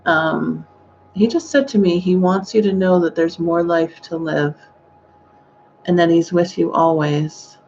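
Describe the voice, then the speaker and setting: Gentle gravelly-voiced woman medium. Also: lowish voice, fairly even intonation, measured pace, lo-fi sound, slight background noise. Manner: gentle, hesitant, with sighing exclamations. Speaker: psychic medium. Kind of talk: live-streamed psychic reading.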